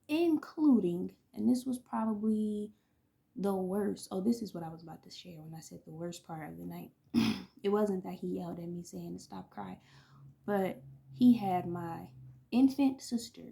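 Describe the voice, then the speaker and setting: A woman's voice: mid-range voice, vocal fry, warm tone. A woman in her thirties, telling personal stories in a rambling, casual way, laughing often and sometimes dropping almost to a whisper. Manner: rambling, frequent laughs, drops to near-whispers. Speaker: oracle reader and vlogger.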